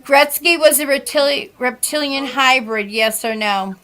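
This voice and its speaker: A middle-aged woman with a high, bright voice talks as a psychic medium guest. She chats animatedly and acts out the dialogue she quotes. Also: a little slow. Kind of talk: casual podcast chat.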